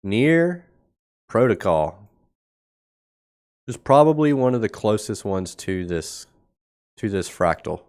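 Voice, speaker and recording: Blunt sarcastic man, low voice. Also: expressive, slow pace, long pauses, darkish tone. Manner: blunt, sarcastic, thinks aloud over charts. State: coughing now and then. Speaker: crypto market show host. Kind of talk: casual livestream market commentary.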